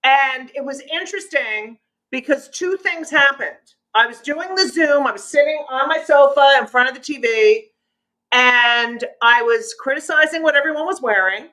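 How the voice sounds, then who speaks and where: A woman comedian on a video call, telling stories in a brash, animated, punchy way. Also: high voice, moderate pace, rough recording. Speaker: comedian guest. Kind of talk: stand-up storytelling on a video call.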